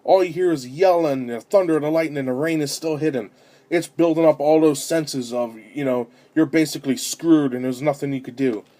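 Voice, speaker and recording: A man giving a casual spoken film review, animated as he retells the story, with fillers and restarts. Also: fairly high pitch, normal speed. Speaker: amateur movie reviewer.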